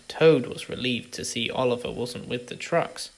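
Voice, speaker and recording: A man narrating a children's storybook tale in an expressive, varied manner. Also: mid-range voice, moderate pace, few pauses. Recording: music behind narration.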